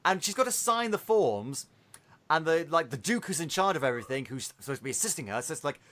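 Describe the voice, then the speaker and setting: A man hosting a podcast, retelling a film in a casual, animated way with swearing. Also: on the high side, fairly quick. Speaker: podcast host.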